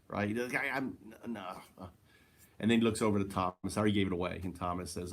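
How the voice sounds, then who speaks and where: A man's voice: on the low side, steady tone, moderate pace. A man giving a rambling spiritual monologue, swearing and correcting himself as he goes. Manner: rambling, profane, self-correcting. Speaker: spiritual teacher.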